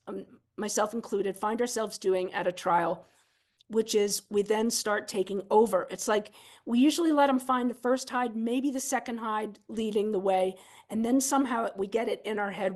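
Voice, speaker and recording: A woman instructor talks a seminar audience through video clips in a relaxed, conversational way. Her voice sits at an ordinary middle pitch, and she explains patiently with casual fillers. She is candid and often pokes fun at her own mistakes. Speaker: dog sport instructor giving a seminar talk.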